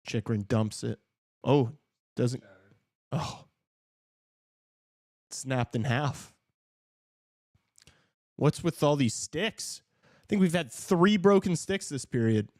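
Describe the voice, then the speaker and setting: Man, casual live hockey reaction, excitable, jokey, dry close sound. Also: medium pitch, slow pace, pauses often, no echo. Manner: excitable, shouts at big plays, joking. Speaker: podcast host watching a hockey game.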